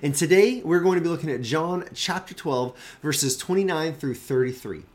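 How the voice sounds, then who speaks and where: A man's voice: fairly high pitch, expressive, normal speed. A man, a pastor, giving a daily devotional Bible teaching in an earnest, emphatic, conversational way.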